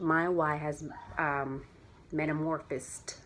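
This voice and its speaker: A woman's voice: sits low, sing-song, measured pace, fairly bright tone, slight background noise. A chatty, earnest young adult woman talking casually in a heartfelt vlog, rambling a little as she explains why she sells clothing. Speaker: vlogger and clothing seller.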